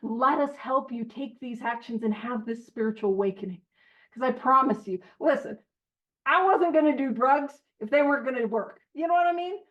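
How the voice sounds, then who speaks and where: A high-pitched woman speaks at normal speed over lo-fi audio. She runs a recovery book study in a relaxed, sincere manner, talkative and quick to laugh at herself, often straying into side topics between passages she reads aloud.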